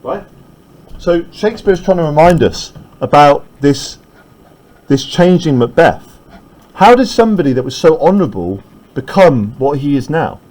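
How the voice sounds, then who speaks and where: A man's voice: on the high side, big pitch swings, normal speed, a little mellow, poor audio. Man teaching a class, checking in constantly. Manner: explains step by step, keeps checking in with "right?". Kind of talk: classroom literature lecture.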